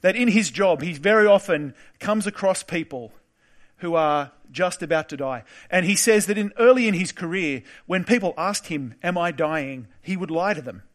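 A man preaching a sermon in a relaxed, conversational storytelling way, with occasional filler words. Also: high voice, normal speed.

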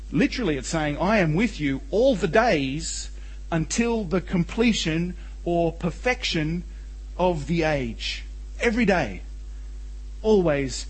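A man's voice: fairly high pitch, slightly rough, rough recording. A man preaching a sermon as a pastor, earnest and emphatic, with rhetorical questions. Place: church.

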